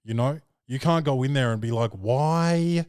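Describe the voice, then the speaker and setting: A man's voice: medium pitch, fairly quick, a little mellow, dry recording. Slangy young man, dry sound. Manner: loose, slangy, jokey storytelling. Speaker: podcast host and comedian. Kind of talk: casual podcast chat.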